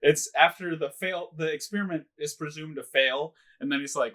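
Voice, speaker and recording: A man's voice: on the high side, normal speed. A young man co-hosting a podcast, casually giving his take on a film's jokes and scenes. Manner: relaxed, critical, with fillers and restarts while recalling scenes. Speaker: podcast co-host. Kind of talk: casual movie discussion.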